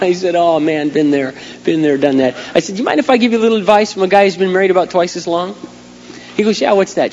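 A middle-aged man preaching a sermon as a pastor, swinging from quiet asides to loud, emphatic outbursts. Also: high voice, lively intonation, fast. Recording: long hall reverb, faint hum.

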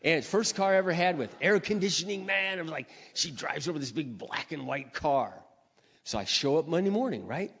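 An older man preacher telling a personal story in a sermon, acting out his prayers and phone calls with lively emotion. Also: moderate pace, gravelly, husky. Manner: animated storyteller, acting out his own prayers with rising pitch. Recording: dull reverberant hall sound.

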